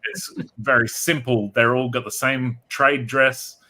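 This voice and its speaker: A man's voice: medium pitch, steady tone, a little slow, pushed and bright. A man hosting a casual panel chat, a playful, teasing storyteller. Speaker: host.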